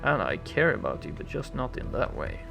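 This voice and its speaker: A man hosting a casual let's play, tossing out joking asides as he picks dialogue. His voice is gravelly and his pitch moves around a lot. Game music runs underneath. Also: sing-song, fairly quick. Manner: joking asides, self-correcting. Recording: game music playing behind.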